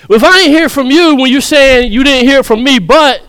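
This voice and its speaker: High-voiced man preaching with humor. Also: moderate pace, dry recording. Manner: humorous, laughs often, animated and conversational. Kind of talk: sermon.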